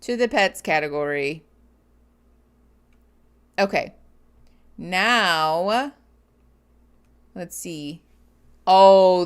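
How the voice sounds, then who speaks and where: A woman's voice: lowish voice, drawn-out words, pauses often, clean tone. A woman streamer chatting casually and gushing over pet photos, giggling and cooing. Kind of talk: casual reaction chat.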